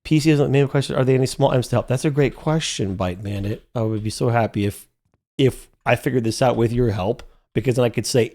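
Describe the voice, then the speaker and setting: A young man commentating his own gameplay live, talking to his chat and growing frustrated, with sudden high yelps. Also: creaky. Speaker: streamer playing a horror game.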